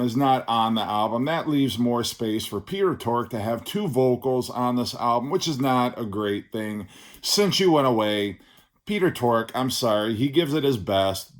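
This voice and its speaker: A man giving a casual album review as the channel's host, blunt and sarcastic, swearing freely. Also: medium pitch. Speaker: record reviewer.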